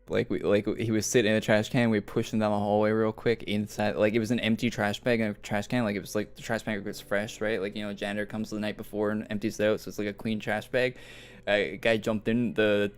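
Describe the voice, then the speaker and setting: A man's voice: fairly low pitch, clear, resonant tone. A young man streaming a game, rambling through school stories in casual chat. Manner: rambling storytelling with laughs. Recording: faint music behind.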